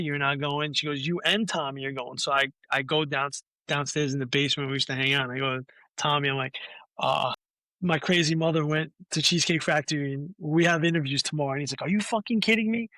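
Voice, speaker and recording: A man's voice: a little high, bright, forceful tone, dry recording. A man in his forties, a podcast guest, telling a long anecdote in casual talk, swearing freely and acting out what other people said. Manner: swears freely, acts out quoted voices.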